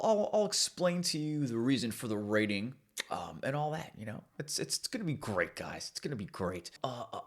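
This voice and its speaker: Laughing, rambling young male podcast host. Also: medium pitch. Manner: rambling, laughing, stumbles over words. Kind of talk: casual comedic commentary on news.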